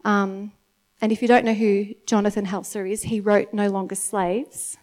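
A woman's voice: medium pitch, level tone, normal speed, darkish tone. A woman and mother giving a conversational sermon, telling stories and often checking in with her listeners by asking if they follow. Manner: chatty, storytelling, keeps checking in with the audience by asking "okay?". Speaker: church speaker and mother of several.

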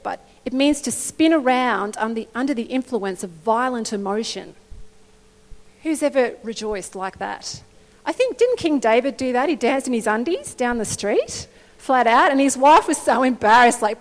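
A middle-aged woman preaching a sermon in an animated, conversational way, often checking in with her listeners. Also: a little high. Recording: long hall reverb.

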